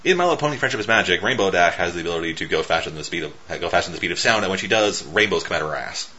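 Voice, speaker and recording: A man's voice: low voice, animated, rapid-fire, pushed and bright, muffled recording. A man casually riffing on a movie, jokey and profane, often laughing. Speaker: movie commentator.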